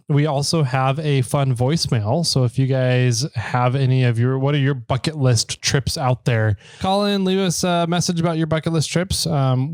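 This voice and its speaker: A man in an easygoing podcast chat, his voice at a middle pitch and speaking in a relaxed way. The sound is dry and close, with little room echo. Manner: relaxed, signs off with a catchphrase. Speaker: podcast host. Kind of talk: casual chat.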